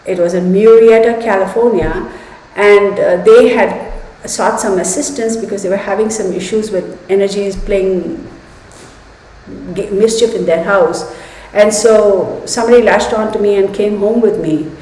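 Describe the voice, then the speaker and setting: Woman, livestream host, casual storytelling, animated, reverberant hall-like room. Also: mid-range voice, measured pace. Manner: animated, chatty, addresses viewers directly. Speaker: tarot channel host. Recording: echoey room with long reverb.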